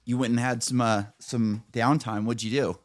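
A man's voice: mid-range voice, steady tone, moderate pace. An American man hosting a podcast, casually telling profane stories and acting out what people said. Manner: profane, storytelling with acted-out quotes. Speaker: podcast host. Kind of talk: casual chat.

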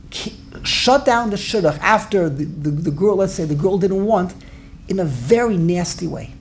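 A woman's voice: mid-range voice, a little hiss or hum. A woman teaching a study class, telling a story with many restarts and repetitions and laughing along the way. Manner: animated, repeats herself, laughs while telling. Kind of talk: storytelling lesson to a group.

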